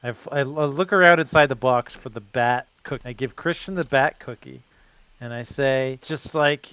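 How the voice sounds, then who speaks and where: A man playing in a tabletop game, chatting casually and making quick jokes. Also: mid-range voice, fairly bright tone, clear, resonant tone, no room sound, muffled recording. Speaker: player.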